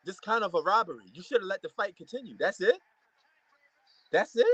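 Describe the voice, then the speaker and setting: A man giving a casual, excitable reaction commentary to a boxing match, repeating himself and using slang. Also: high-pitched, a little fast, slightly rough, dry recording, lo-fi sound. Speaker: fight reaction host.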